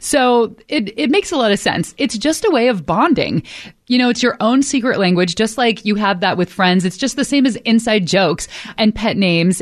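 A woman's voice: mid-range voice, no echo. A woman reporting on a radio show, talking candidly and wryly, like telling a story to the host in a studio. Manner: candid, chatty, wry storyteller. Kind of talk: casual radio chat. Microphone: studio microphone.

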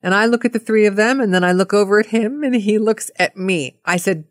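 A middle-aged woman telling a personal anecdote in a playful, animated way. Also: mid-range voice, a little fast, few pauses, no echo, studio quality. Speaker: storyteller.

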